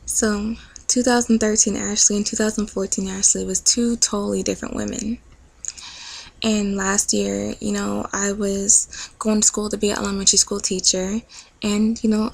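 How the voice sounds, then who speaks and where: Young woman, casual testimony vlog, earnest and chatty, gravelly voice. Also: medium pitch, flat delivery, normal speed, rough recording. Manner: earnest, chatty, many fillers and "like". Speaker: vlogger.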